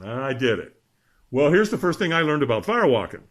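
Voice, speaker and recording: A man's voice: mid-range voice, brisk. A middle-aged man, a podcast guest, telling a story with energy and acting out the voices of the people in it. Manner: lively, acts out voices in his story. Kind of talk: animated storytelling.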